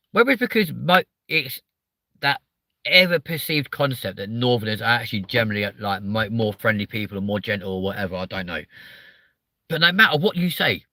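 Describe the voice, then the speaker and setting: With a fairly low pitch and a sharp tone, this southern English man rambles through a casual live show, cursing and poking fun at himself while talking to his viewers. There's no echo on the recording.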